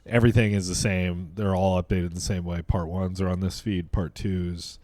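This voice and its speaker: Low-voiced joking man. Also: flat delivery, normal speed, darkish tone, no room sound. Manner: joking, rambling storyteller. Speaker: podcast co-host. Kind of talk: casual chat.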